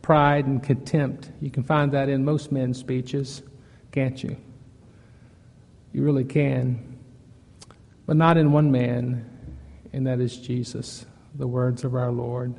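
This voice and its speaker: Earnest slow-preaching man in a reverberant hall. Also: medium pitch, flat delivery, creaky. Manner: earnest, swings from loud emphasis to soft pleading. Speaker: pastor. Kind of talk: sermon. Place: church.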